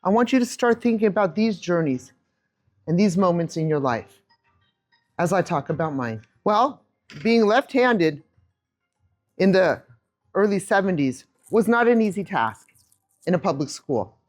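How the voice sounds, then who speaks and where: A woman in her fifties giving a keynote talk on stage, telling a childhood story to a live audience with an animated manner and a handheld mic. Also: on the low side, unhurried, long pauses, faint music behind. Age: 50s. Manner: animated storyteller, acts out quotes. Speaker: keynote speaker.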